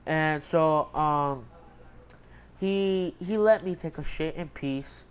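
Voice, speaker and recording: Young guy, rambling storytime, slangy and profane, somewhat high voice. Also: a little slow, clear, resonant tone, rough recording. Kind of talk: casual storytime chat.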